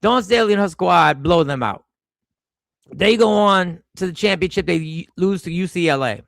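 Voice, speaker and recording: A man hosting a podcast in casual chat, telling stories in an animated, playful way. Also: high-pitched, moderate pace, vocal fry, no echo, clean studio sound. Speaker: podcast host.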